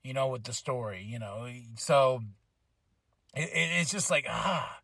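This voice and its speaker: A man hosting a casual solo review podcast, rambling and excitable, with frequent restarts and free swearing. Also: mid-range voice, a little slow, gravelly, husky, dry recording. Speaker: podcast host.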